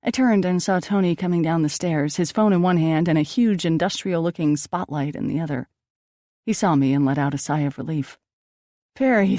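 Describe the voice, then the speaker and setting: Mellow-voiced audiobook narrator. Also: no room sound, clean studio sound. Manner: dramatic, rising pitch at tense moments. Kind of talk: first-person audiobook narration.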